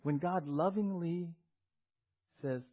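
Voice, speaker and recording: A man's voice: a little high, slow pace. A man preaching a sermon to his church, emphatic, asking rhetorical questions and repeating key words. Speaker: pastor. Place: church service. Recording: dull lo-fi sermon audio.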